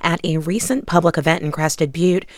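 A news anchor reading a scripted introduction in a smooth, even way. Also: medium pitch, moderate pace, no room sound, studio quality.

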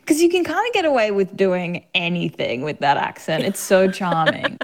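Chatty Australian actress, laughing often. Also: female voice, mid-range voice, lively intonation, normal speed. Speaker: actor guest. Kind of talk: casual interview chat.

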